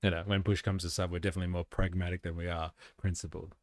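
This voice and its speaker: A man's voice: low-pitched, flat delivery, fast, no echo. A man giving sarcastic, profane, opinionated commentary on a casual livestream. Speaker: streamer and commentator.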